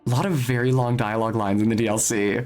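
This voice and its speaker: A man's voice: on the low side, steady tone, quick pace, a little mellow, faint music behind. A man streaming a video game, narrating his play in a wry, casual way and swearing now and then. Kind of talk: casual gameplay commentary.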